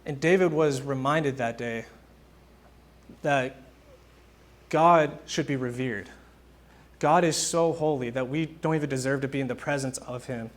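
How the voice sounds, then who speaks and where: This young man's sermon is relaxed and conversational, full of lively stories and acted-out quotes. His mid-range voice moves at a measured pace, with long pauses.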